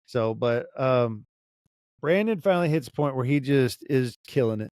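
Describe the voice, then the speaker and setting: A man hosting a relaxed podcast conversation, talking loosely and calling people "dude" and "man." His voice sits at an ordinary middle pitch. The sound is dry and close, with little room around it. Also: moderate pace, dry recording. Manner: easygoing, peppered with dude and man. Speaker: podcast host. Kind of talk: casual chat.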